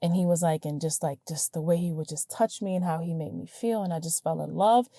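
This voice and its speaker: A woman hosting a podcast, telling a personal story in a chatty, animated way with lots of fillers and quick "right?" checks. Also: on the low side, no room sound, clean studio sound. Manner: animated, chatty, many fillers and tag questions. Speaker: podcast host. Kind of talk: casual storytelling.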